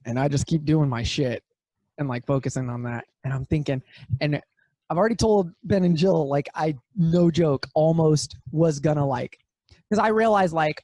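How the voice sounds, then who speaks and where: A young man hosting a podcast, telling stories in casual chat with animated, profane bursts. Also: fairly high pitch, moderate pace, dry recording. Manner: animated, profane storytelling with sudden loud bursts. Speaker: podcast host.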